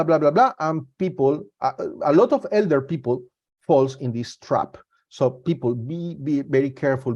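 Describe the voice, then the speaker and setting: Higher-voiced man presenting a security webinar. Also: darkish tone, dull audio. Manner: halting, repeats and restarts words. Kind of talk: live webinar talk.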